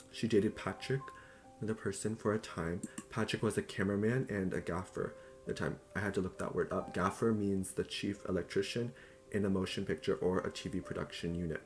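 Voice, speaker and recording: A man's voice: deep voice, darkish tone. A young man giving a casual book summary, chatty and loose, with fillers and self-corrections. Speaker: book reviewer. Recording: clear music playing behind.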